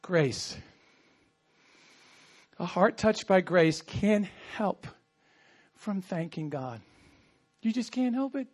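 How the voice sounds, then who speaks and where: A man's voice: sits high, sing-song, slow, long pauses. A man preaching a sermon as a pastor, telling stories animatedly and acting out quoted asides. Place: church.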